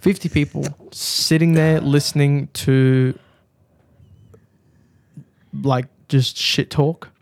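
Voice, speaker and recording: Guy hosting a podcast, rambly and sweary, slightly high voice, dry room. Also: steady tone, slow pace, creaky, pauses often, a little mellow, no room sound. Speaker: podcast host. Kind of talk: casual podcast chat.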